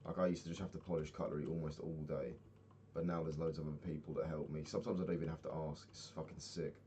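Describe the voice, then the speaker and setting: A young man talks through his day in a loose, rambling video diary. He swears freely and laughs often. His voice sits very low, with faint typing and a slight hiss under it. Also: fairly even intonation, fast, mellow. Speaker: vlogger. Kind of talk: casual video-diary chat while gaming.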